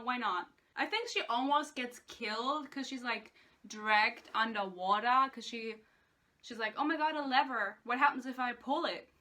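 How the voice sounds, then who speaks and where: A young woman rants through a book review in a loose, sarcastic way, dropping swear words and "like" all the time. Her voice is bright and sits a little high. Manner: sarcastic, swears a lot, lots of "like". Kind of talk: casual rant review.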